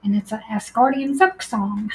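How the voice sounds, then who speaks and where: A woman co-hosting a casual pop-culture podcast, speaking in a measured way as she goes through her notes. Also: on the high side, darkish tone, rough recording. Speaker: podcast co-host. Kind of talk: casual chat.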